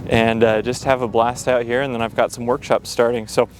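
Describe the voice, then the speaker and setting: A man's voice: mid-range voice, flat delivery, brisk. A man vlogging outdoors on windy tundra as a wildlife photographer, enthusiastic and rambling, with lots of fillers and a bit out of breath. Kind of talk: casual vlog to camera.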